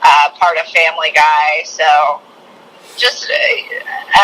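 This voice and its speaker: Male co-host, high and very bright voice, rambly and giggly, casual delivery. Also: steady tone, slow pace, low-quality recording. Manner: rambling and giggly, loses track of names. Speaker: podcast co-host. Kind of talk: casual chat.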